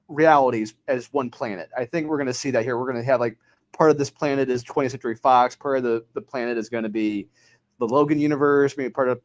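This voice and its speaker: Comic writer guy guesting on a podcast, mid-pitched voice, hedges and thinks out loud. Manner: hedging, thinks aloud with many likes. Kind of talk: casual chat, speculating.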